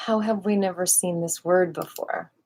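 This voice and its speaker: A woman hosting a live video, reading dictionary entries aloud with playful, musing asides to viewers and occasional soft whispers. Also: on the low side, fairly even intonation, moderate pace.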